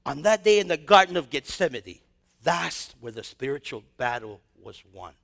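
A man with a high voice delivers a sermon as a pastor. He moves between reading scripture and lively, slangy asides, acting out little exchanges as he goes. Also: moderate pace, gravelly.

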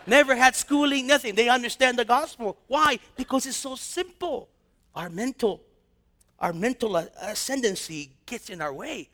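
A male pastor preaching a sermon, reading scripture and breaking into lively, slangy asides and acted-out dialogue. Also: very high voice, moderate pace.

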